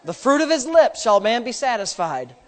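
A man preaching a sermon as pastor, repeating phrases in a rhythm, calling for amens, and swinging between hushed asides and loud outbursts. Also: extremely high pitch, sing-song, a little fast. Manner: repetitive, rhythmic phrasing with calls for amen.

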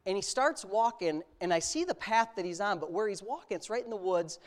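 A middle-aged man preaching a sermon, telling a personal story and then exhorting his listeners boldly, with rising loud emphasis. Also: sits high, expressive, a little fast. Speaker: pastor.

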